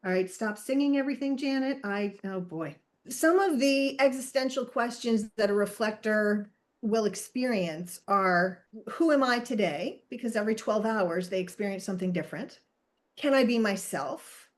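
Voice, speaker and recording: A woman hosting a podcast in casual chat, animated and jokey, thinking aloud as she explains. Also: medium pitch, moderate pace. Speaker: podcast host and Human Design reader.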